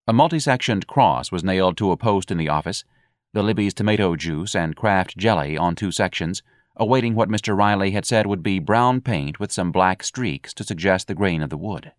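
A man narrating an audiobook in a measured, even storytelling manner. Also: low voice, dry recording, clean studio sound.

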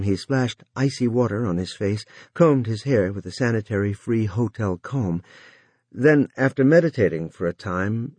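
A man narrating a novel in a measured, expressive reading. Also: lowish voice, breathy edge, no room sound. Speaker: audiobook narrator. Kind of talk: scripted narration.

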